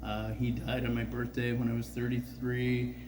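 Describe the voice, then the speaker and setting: A man's voice: mid-range voice, completely flat delivery, normal speed, noisy background. A man in his sixties telling a rambling, profane personal story on a festival stage, full of filler words. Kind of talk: live storytelling.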